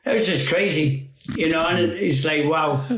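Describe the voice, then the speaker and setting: Man, 50s, guest storyteller, a touch high-pitched, rambling and sweary, roomy echo. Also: moderate pace, fairly bright tone. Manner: rambling, laughing, swears freely. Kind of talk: casual storytelling chat.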